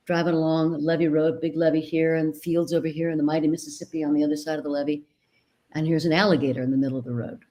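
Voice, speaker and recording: Earnest woman dialect coach, lower pitch. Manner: animated, earnest storyteller with sudden bursts of laughter. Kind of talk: casual interview conversation. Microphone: video call microphone.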